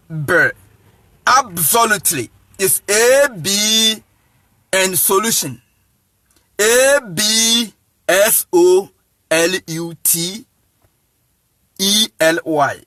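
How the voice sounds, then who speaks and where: A man's voice: sits high, pushed and bright, dry recording. A man who is an evangelist, giving an emphatic lecture-style talk, spelling out letters, laughing often and speaking straight to his listeners. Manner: addresses listeners directly.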